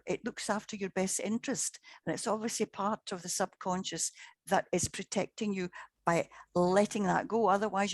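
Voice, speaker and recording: A woman's voice: medium pitch, dry recording. A woman, a paranormal investigator, telling case stories in a chatty way, often repeating words and acting out what people said. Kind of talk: anecdotal storytelling in conversation.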